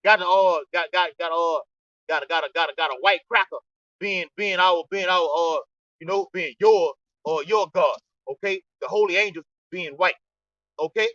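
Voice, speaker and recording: A man's voice: high voice, normal speed, fairly bright tone, dry recording. A man teaching a scripture study group in a preaching style. He ends many lines with "okay?" and often stammers and restarts. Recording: distant, dull lo-fi, dry.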